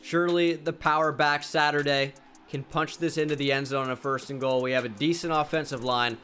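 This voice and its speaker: A young man casually commenting on a football video game he is playing, laid-back and self-mocking, with sudden excited outbursts. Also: on the high side, a little fast, soft background music. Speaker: gaming channel host.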